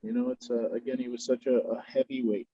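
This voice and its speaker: A laid-back man chats as a podcast guest, drifting through a long, easygoing story. His voice is warm, mellow and a bit husky. The recording is dry and slightly dull. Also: mid-range voice, steady tone, fast, dry recording. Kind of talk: casual chat while smoking.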